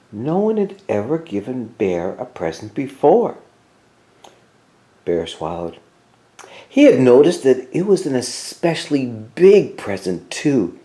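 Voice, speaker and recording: A man reads a children's picture book aloud in an expressive, storytelling manner. His voice is mellow and warm, and his pitch rises and falls a lot to keep young listeners engaged. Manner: expressive and animated.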